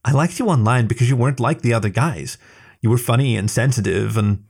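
A man voicing a brisk female beaver detective in a storybook reading, with an urgent, raised voice. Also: medium pitch, vocal fry, darkish tone, slightly rough. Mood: gentle.

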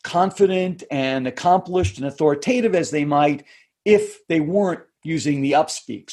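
A middle-aged man, a communications coach, explaining his points in a measured way during a podcast interview, often restarting his phrases. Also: fairly high pitch, darkish tone, husky. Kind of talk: conversational interview answers.

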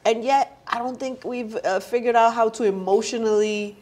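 A woman interviewer who speaks softly and reflectively, with gentle affirmations. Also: a little high, steady tone, moderate pace. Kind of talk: empathetic interview.

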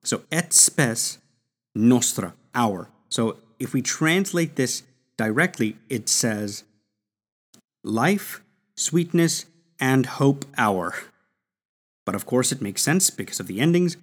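Slow, patient man teaching Latin prayer. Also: medium pitch, lively intonation. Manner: patient, repeats and sounds out Latin words. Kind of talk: slow explanatory lesson.

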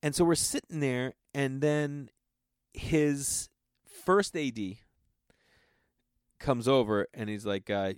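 A man's voice: medium pitch, normal speed, clean tone, no room sound, studio quality. A man, an actor, telling a casual anecdote in a rambling way, with a constant filler 'like'.

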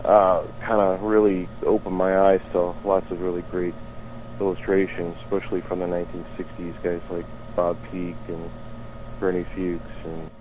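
A man's voice: deep voice, flat delivery, moderate pace, a little mellow. A man in his forties, a guest artist, answering interview questions in a loose, rambling way with many ums and restarts. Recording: dull lo-fi sound with faint noise.

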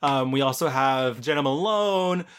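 A man's voice: medium pitch, measured pace, fairly bright tone, clean tone. A man co-hosting a podcast, chatting casually and enthusiastically about films, rambling and swearing. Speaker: podcast co-host. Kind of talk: casual film chat.

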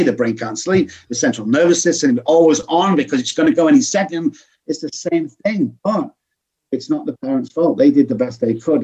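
A man's voice: medium pitch, a little mellow, breathy edge. A man, a guest in an interview, explaining alcohol recovery earnestly and acting out quoted voices. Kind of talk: conversational interview.

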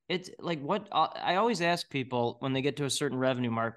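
A man's voice: a little high, fairly quick, a bit bright. A middle-aged man speaking bluntly and with strong opinions as an interview guest, often laughing mid-sentence. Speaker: guest entrepreneur. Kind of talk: casual interview talk.

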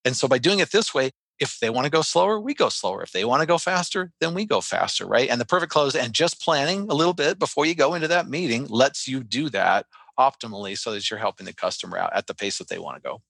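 A man talks quickly and energetically about closing sales, the words tumbling out. He throws himself into a story and acts out his own reactions along the way. The sound is dry and close, with no room around it. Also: medium pitch, expressive, gravelly, a bit bright, no echo. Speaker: sales trainer guest. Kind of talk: podcast conversation with storytelling.

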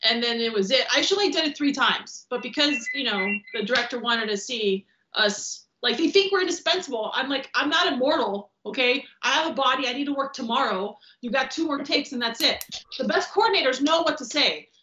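Animated woman telling stunt stories. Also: sits high, fairly quick, slight background noise. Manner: animated, acts out quotes, swears freely. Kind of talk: casual podcast storytelling. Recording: roomy, dull lo-fi podcast audio.

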